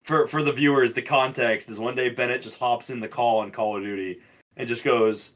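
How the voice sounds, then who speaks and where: A young man co-hosting a podcast, chatting casually in a loud, profane, animated way. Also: mid-range voice, a little fast. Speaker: podcast co-host. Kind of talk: casual chat.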